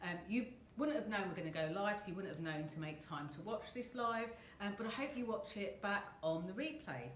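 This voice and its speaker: A woman's voice: medium pitch, animated, fairly quick, few pauses, echoey room, slight background noise. A woman hosting a casual live video chat from a hotel room, chatty and rambling, laughing often. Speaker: host.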